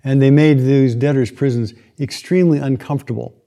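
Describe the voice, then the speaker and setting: A man giving a sermon, retelling a classic story with reflective, slow dramatic pauses. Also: mid-range voice, steady tone, mellow.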